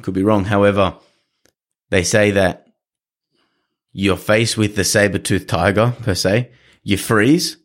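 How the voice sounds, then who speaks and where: A man who trains dogs, talking through his advice in a casual podcast chat, earnest and coaching, now and then acting out quick scenes with owners and dogs. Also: lowish voice, fairly even intonation. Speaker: dog trainer.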